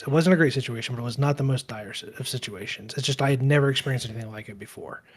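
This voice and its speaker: A man around forty, co-hosting a relaxed podcast. He tells his story in a loose, rambling way, stops to correct himself, and briefly takes on the voices of people in his story. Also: medium pitch. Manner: rambling, self-correcting storyteller who acts out quoted dialogue. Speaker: podcast co-host. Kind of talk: casual storytelling chat.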